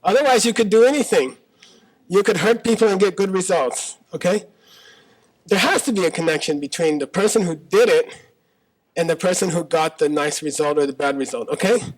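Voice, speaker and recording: A man with a high, light voice gives a Buddhist teaching before a live audience in a small auditorium. He talks in a loose, conversational way and keeps checking in with his listeners. He argues his point by firing one question after another. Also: moderate pace, rough recording. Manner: argues by voicing debating partners in questions. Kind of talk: live dharma talk to an audience.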